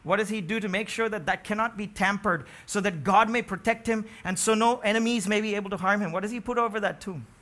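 Male preacher, high bright voice, emphatic sermon delivery with swings from quiet to loud, questions thrown to the congregation. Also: quick pace, hardly any pauses. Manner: emphatic, rising to near-shouts on key phrases, asks the congregation questions.

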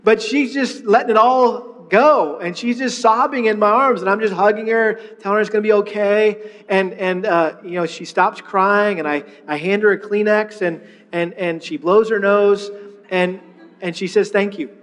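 High-voiced storytelling male pastor. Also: normal speed, long reverb tail. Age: middle-aged. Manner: storytelling, animated, with many restarts. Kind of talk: sermon.

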